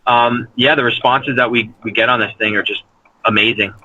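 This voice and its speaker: A man's voice: medium pitch, steady tone, fairly quick, bright, forceful tone, highs cut off, a little hiss or hum. A man being interviewed as a paranormal investigator, talking earnestly in long rambling runs full of fillers and restarts. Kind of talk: casual interview talk.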